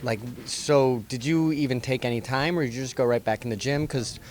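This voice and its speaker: A man's voice: mid-range voice, fairly quick, a little mellow. A man interviewing a fighter, asking long, winding questions. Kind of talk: press questions.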